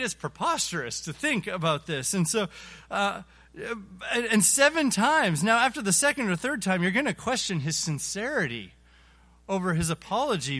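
A man teaching an adult Sunday school Bible lesson, halting and repeating words, chuckling as he acts out illustrations. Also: high-pitched, bright, forceful tone.

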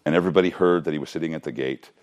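A middle-aged man preaching through a Bible passage in a conversational, animated way with frequent restarts. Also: rumbling low, rapid-fire, dull audio. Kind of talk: expository Bible teaching.

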